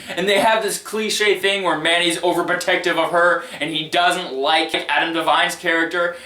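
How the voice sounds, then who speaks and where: A young man giving a ranting movie review in an exasperated, sarcastic way, often rising into shouts. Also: high-pitched. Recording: echoey room, distant from mic.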